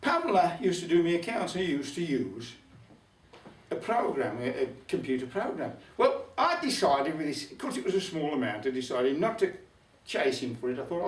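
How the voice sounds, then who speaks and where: A man's voice: on the high side, big pitch swings, moderate pace. An older man with a Black Country accent telling a humorous folk tale at a folk club, chatty with wry asides. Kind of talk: humorous storytelling to a live audience. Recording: roomy club hall from a distance.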